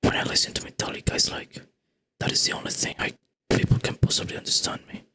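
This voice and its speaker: A man voicing a gloomy, self-pitying emo teenager in a flat, monotone whispered role-play. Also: fast, close to an everyday voice.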